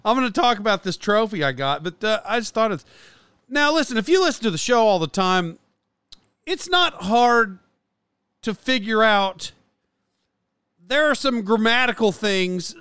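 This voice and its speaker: A man's voice: high voice, pushed and bright, clear, resonant tone, no echo. A man in his forties hosting his podcast, chatting in a rambling, self-deprecating way with lots of fillers and restarts. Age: 40s. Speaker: podcast host. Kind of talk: casual rambling monologue.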